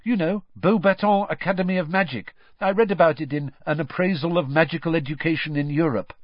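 Brief: clever bossy teenage witch girl, voiced by a man raising his pitch, audiobook. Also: no room sound, highs cut off, lightly acted. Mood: urgent. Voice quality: quick, earnest and bossy.

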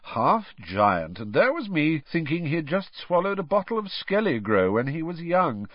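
A man's voice: fairly high pitch, big pitch swings, unhurried, no room sound, muffled recording, pitched above the performer's own voice. A man voicing a spiteful schoolboy who mocks and gloats in a drawling storybook voice. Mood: gloating. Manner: mocking, drawling.

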